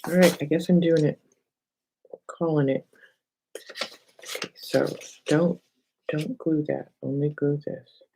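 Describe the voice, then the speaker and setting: A woman's voice: low-pitched, fairly even intonation, slow pace, vocal fry, long pauses, background noise. A middle-aged woman hosting a casual crafting livestream at her home craft table. She chats with viewers by name, thinks aloud and talks to herself as she works.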